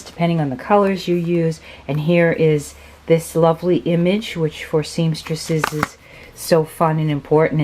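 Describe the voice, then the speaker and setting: A woman's voice: deep voice, darkish tone, a little hiss or hum. A woman hosting a craft channel, showing off supplies in a chatty, gushing, admiring way. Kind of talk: casual show-and-tell of craft supplies.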